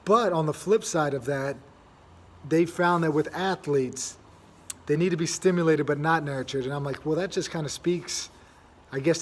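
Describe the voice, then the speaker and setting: A young man hosting a casual monologue, rambling with many fillers and restarts. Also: on the high side. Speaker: host.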